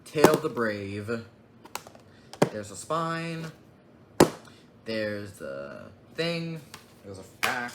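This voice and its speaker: A man's voice: fairly low pitch, very animated, extremely slow, long pauses. A young man casually showing off his disc collection, rambling in an offhand way and muttering asides. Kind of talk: casual unboxing vlog. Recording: echoey room with clear background noise.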